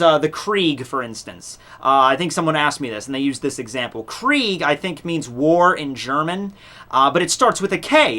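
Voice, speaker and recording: Young guy vlogging about his fan contest, kinda high bright voice, rambly, lots of ums and likes, swears a bit. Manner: rambling, many fillers and restarts, casual swearing. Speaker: YouTube channel host running a fan contest. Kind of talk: casual unscripted talk to viewers.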